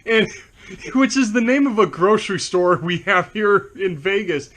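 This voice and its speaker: A man's voice: high-pitched, lively intonation, normal speed, fairly bright tone. A young man co-hosting a casual movie review chat, telling stories and often breaking into laughter.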